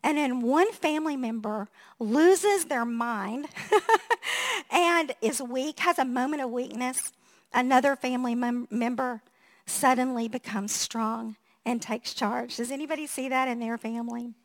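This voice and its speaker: A woman pastor in her fifties preaches with a high, bright-sitting voice. She talks in a chatty, animated storytelling way, often breaking into laughter and acting out what people said. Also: unhurried. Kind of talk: storytelling sermon.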